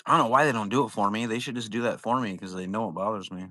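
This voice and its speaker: A man's voice: on the low side, very fast, sharp tone, dry recording, clean studio sound. A man hosting a trading card break livestream, chatting casually in a rambling, profane, laid-back way.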